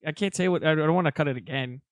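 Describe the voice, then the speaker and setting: A man's voice: a little high, quick pace, no echo, clean studio sound. A young man co-hosting a comedy podcast in casual chat, laughing often as he tells stories.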